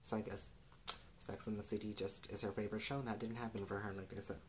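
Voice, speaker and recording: Brief: young male vlogger, lowish voice, sassy and gossipy, filler-heavy chatter, faint background hiss. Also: flat delivery, fast, darkish tone. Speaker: TV recap vlogger. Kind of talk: casual recap chat.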